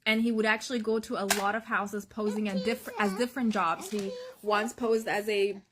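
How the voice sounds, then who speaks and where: A woman's voice: medium pitch, steady tone, moderate pace, crowd noise. A woman from Iran telling a personal story in a plain, matter-of-fact way. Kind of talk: casual spoken storytelling. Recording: clear background noise.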